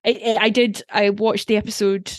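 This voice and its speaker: A woman's voice: mid-range voice, level tone, brisk, dry recording, clean studio sound. A woman co-hosting a podcast, chatting wryly and swearing casually as she recaps an episode. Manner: wry, swears casually, laughs often. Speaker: podcast co-host.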